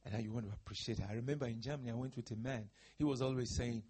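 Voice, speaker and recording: A man preaching a sermon as a pastor, with a raspy, husky voice and dramatic swings from hushed tones to shouting. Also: medium pitch, fairly even intonation, very fast, hardly any pauses.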